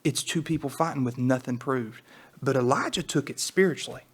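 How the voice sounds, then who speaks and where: A man's voice: mid-range voice, fairly quick, slightly rough. A man co-hosting a Bible teaching podcast, talking in an earnest, exhorting way that rises to emphatic peaks.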